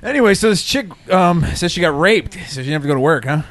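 A man's voice: on the high side, animated, fast, a bit bright, no echo. A man in casual banter with friends, making dry sarcastic asides.

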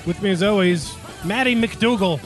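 A man's voice: high-pitched, moderate pace, over music. A man hosting a casual comedy podcast, joking and laughing often with his co-hosts. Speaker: podcast host. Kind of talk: casual banter.

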